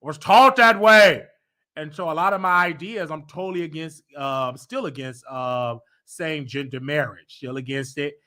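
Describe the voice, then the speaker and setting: Bright-voiced rambling male show host. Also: fairly high pitch, fairly even intonation, normal speed, hardly any pauses. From United States. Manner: rambling with many fillers, jokey bursts. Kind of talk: casual live-stream monologue.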